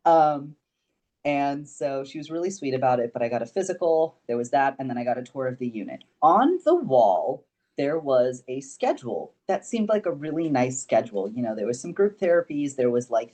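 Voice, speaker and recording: A young man, a podcast guest, telling stories in casual chat, animated and swearing freely. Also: medium pitch, moderate pace. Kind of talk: casual storytelling.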